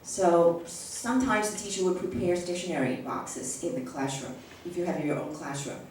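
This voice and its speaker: In a large, echoey classroom captured from a distance, a woman with a lowish, somewhat mellow voice runs a teacher workshop at a moderate pace. As a teacher trainer, she acts out classroom phrases and keeps asking "okay?", with slight background noise present.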